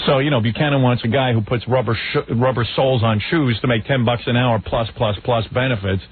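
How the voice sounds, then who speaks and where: A man's voice: mid-range voice, fairly even intonation, a little fast, husky. A man hosting a talk radio show, joking and mocking in loose banter. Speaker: radio host. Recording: tinny lo-fi radio recording with faint hiss.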